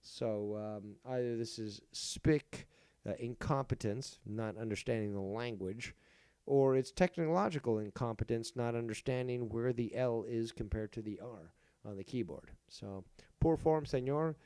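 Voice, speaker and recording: A man's voice: medium pitch, unhurried, dark tone, clean tone, no echo. A man hosting a livestream, rambling in casual commentary with lots of fillers and swearing. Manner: rambling, profane, many fillers. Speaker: livestream host.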